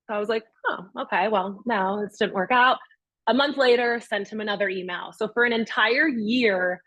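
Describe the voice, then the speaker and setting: A woman's voice: medium pitch, no room sound. A young adult woman, a real estate agent, telling a personal story at a master class and acting out her own past words and other people's. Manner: animated storyteller, quotes herself and others.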